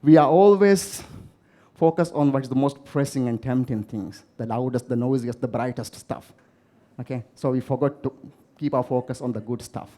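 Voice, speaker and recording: This motivational keynote comes from a man from the Maldives addressing a live audience, mixing storytelling with questions to the room. His voice is medium-pitched and warm, at normal speed.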